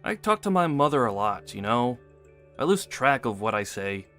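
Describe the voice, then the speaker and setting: A man's voice: medium pitch, sing-song, normal speed, fairly bright tone, faint music behind. A man voicing a careless, lying young husband in a text-message drama, dismissive and offhand.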